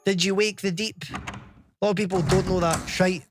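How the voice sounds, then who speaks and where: A man's voice: high voice, steady tone, moderate pace, over music. Chatty Scottish man streaming games. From Scotland. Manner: chatty, swears casually, greets chat. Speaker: livestreamer. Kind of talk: casual gaming stream chat.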